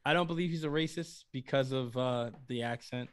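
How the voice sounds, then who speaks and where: A man co-hosting a casual sports podcast, talking in an animated way, swearing casually and laughing often. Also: mid-range voice, fairly quick, smooth. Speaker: podcast co-host.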